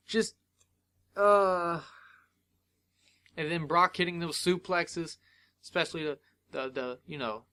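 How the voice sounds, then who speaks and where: A young man hosts his own review podcast, his voice sitting a bit higher than most men's. He tells the story in an excitable, animated rush, sprinkling in fillers and restarts. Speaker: podcast host. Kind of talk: solo wrestling review podcast.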